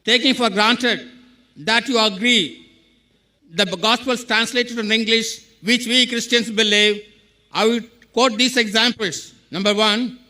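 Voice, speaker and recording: A man's voice: very high voice, bright, forceful tone. A male teacher asking a long, earnest question from the audience at a public lecture, listing scripture examples point by point. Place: large lecture hall.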